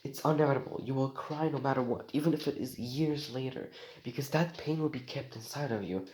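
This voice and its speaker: A man's voice: mid-range voice, brisk, a little mellow, rough recording. A man, talking outdoors in a rambling personal vlog, meandering and repeating himself with plenty of fillers. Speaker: vlogger.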